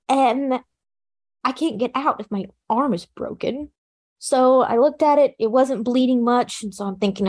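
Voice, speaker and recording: A woman recounting a personal survival story in an interview, speaking in a calm, practical, matter-of-fact way with casual fillers. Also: on the high side, moderate pace. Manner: plain conversational fillers like "you know" and "like". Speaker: interview guest.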